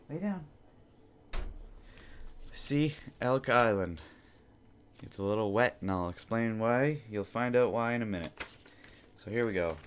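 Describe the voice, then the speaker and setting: A man's voice: medium pitch, slight background noise. A man hosting a podcast, telling a casual story in a rambling, profane way that repeats itself, recorded at home. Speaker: podcast host.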